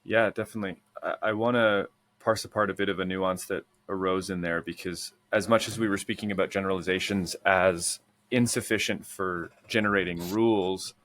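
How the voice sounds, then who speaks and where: A man hosting a podcast, talking in a measured and articulate way with careful qualifications. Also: sits low, steady tone, a bit bright, dry recording. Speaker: podcast host. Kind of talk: casual conversational interview.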